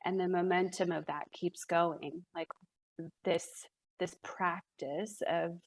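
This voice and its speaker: A woman's voice: fairly low pitch, fairly even intonation, takes it slowly, slight background noise, low-quality recording. A woman speaking as a guest in a casual podcast conversation, reflective, with frequent fillers and restarts.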